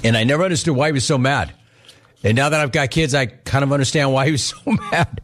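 A man's voice: mid-range voice, fast. A middle-aged man hosting a sports radio show, chatting casually through listener questions and acting out the dialogue in his stories. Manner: animated storytelling, acts out quoted dialogue.

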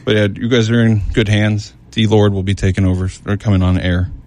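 A man hosting a casual radio chat in a studio, speaking in a monotone with a slight lisp. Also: fairly low pitch, fairly quick. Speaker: radio host.

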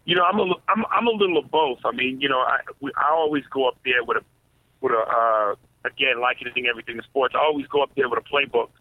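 A man who is a stand-up comedian, talking as a guest in a casual interview. He speaks in a relaxed way and stutters on repeated words. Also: mid-range voice, fast talker, dry recording. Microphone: phone. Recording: tinny phone line.

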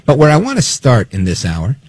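A man hosting opinionated political talk radio, animated and snide, acting out quotes as he talks. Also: medium pitch, fairly quick, breathy edge, no room sound.

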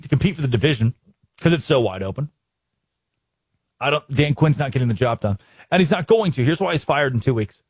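A man's voice: mid-range voice, no echo, clean studio sound. A man from Arkansas hosting a sports talk show, ranting emphatically and restarting his sentences. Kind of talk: animated sports commentary.

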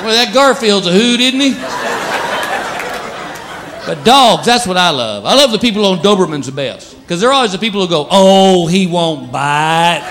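A man's voice: high voice, normal speed, pauses often, background noise. Middle-aged man doing stand-up over crowd. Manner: wry, animated, conversational. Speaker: stand-up comedian. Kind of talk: stand-up comedy. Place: comedy stage before a live audience. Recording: live show with loud crowd laughter.

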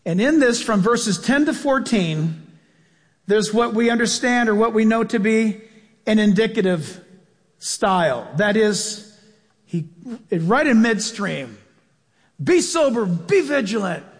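A man with a notably high-pitched voice preaches in an emphatic, conversational way, driving his points home with repeated phrases. He sounds like a pastor speaking to his congregation. His voice rings out with a long reverb through a large church hall. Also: expressive, takes it slowly. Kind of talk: sermon.

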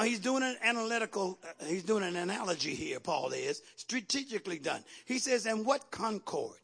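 A male preacher delivering a sermon at a church service, calling out to the congregation and building from quiet asides to fervent shouting. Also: sits high, lively intonation, normal speed, creaky, hardly any pauses, breathy edge. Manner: call-and-response preaching, rising to shouts.

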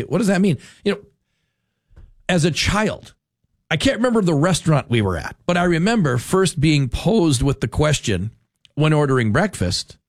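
A man hosting a talk radio show, rambling in a casual, animated monologue and often cutting himself off. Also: a little high, moderate pace, no echo, clean studio sound. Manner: rambling, animated, self-interrupting. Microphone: studio mic.

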